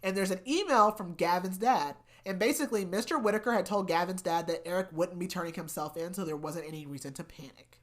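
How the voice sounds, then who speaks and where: Chatty woman recapping a book, lower voice. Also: fairly quick, hardly any pauses. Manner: chatty, heavy use of "like", animated retelling of scenes. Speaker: book podcast host. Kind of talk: casual book recap chat.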